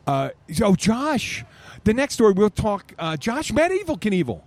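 A man's voice: sits high, big pitch swings, unhurried, a little mellow, no room sound. A man with a slightly raised voice tells rambling stories peppered with swearing. He chats casually as a podcast host, recording outdoors on a bar stage. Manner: rambling, profane storytelling.

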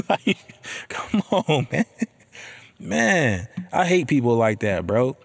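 A man's voice: medium pitch, slow pace, vocal fry, long pauses, slightly rough. Profane, ranting man telling a story. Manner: profane, animated, heated ranting. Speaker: podcast host; father. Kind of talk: casual storytelling chat.

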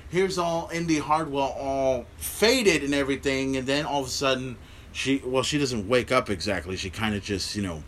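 A man's voice: mid-range voice, moderate pace, fairly bright tone, slight background noise. A man hosting a podcast, recapping a wrestling show in a rambling, profane way, with many fillers. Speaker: podcast host.

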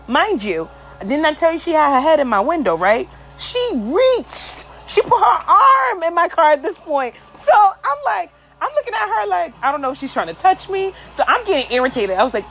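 Woman podcast host, kinda high voice, animated and crude, swears a ton. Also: a little fast, low-quality recording. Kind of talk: casual storytelling chat.

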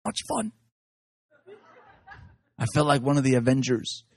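A man preaching, telling excited stories from his services and often laughing as he talks. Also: mid-range voice, measured pace, slight background noise. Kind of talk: animated sermon storytelling.

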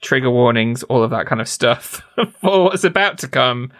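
A man's voice: mid-range voice, expressive, moderate pace, a bit bright. A man hosting a casual gaming podcast, upbeat and teasing, often giggling as he talks. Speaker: podcast host.

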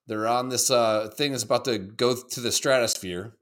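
A man co-hosting a casual livestream, reacting to videos in an animated, joking and profane way. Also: medium pitch, normal speed. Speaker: co-host.

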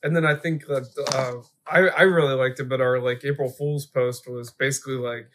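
A man co-hosting a casual podcast, relaxed and joking, with some filler words. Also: medium pitch, normal speed. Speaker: podcast co-host.

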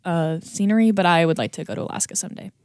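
A woman's voice: fairly low pitch, quick pace, a little mellow, no room sound, clean studio sound. A young woman guest on a podcast, chatting casually, giggling and rambling as she talks. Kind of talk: casual chat.

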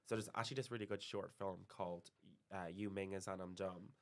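Fast-talking young Irish man. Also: sits low, steady tone. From Ireland. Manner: rambling, full of "like" and restarts. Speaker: podcast guest. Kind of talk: casual chat.

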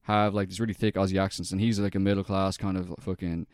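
Rambling man, low dry voice. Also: flat delivery, fast, a little mellow, clean tone, no room sound. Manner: rambling, profane, heavy on fillers. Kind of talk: casual chat.

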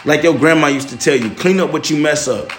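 A man's voice: a little high, brisk, a bit bright, faint music behind. A young man hosting a casual podcast monologue, loose and emotional, full of slang and "man" and "bro". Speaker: podcast host.

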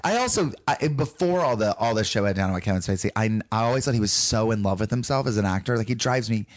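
A man from North Carolina with a Southern accent, chatting casually as a podcast guest and slipping into quick mock voices. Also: on the low side, expressive, no room sound.

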